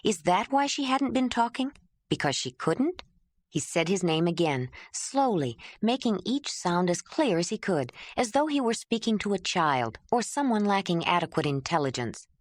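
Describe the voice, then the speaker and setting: A woman with a lowish voice reads a novel for an audiobook, keeping her storytelling measured and even. The studio-quality recording of this scripted narration has no room sound.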